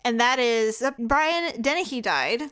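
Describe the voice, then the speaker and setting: A woman co-hosting a relaxed chat, recounting everyday mishaps. Her fairly high voice is smooth and clear, and she laughs through her stories and lets the odd swear slip. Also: unhurried. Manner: chatty anecdotes with laughs and swearing. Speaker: podcast co-host. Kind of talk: casual chat.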